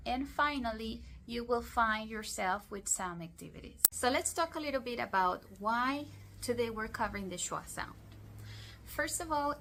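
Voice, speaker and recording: A woman teacher with a Latin American Spanish accent takes her time over each point, speaking very slowly and deliberately. Her explanations are careful and methodical, with a few restarts, and a faint hiss of room noise sits under the voice. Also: a little high, fairly bright tone. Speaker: English phonetics teacher. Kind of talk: recorded online lesson.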